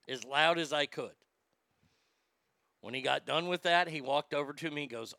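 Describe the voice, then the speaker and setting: Guy ranting on his talk show, sarcastic, swears a lot, bright tense voice, real dry sound. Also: fairly high pitch, normal speed, gravelly, dry recording. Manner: blunt, profane, sarcastic; reads listener comments aloud. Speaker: radio talk show host.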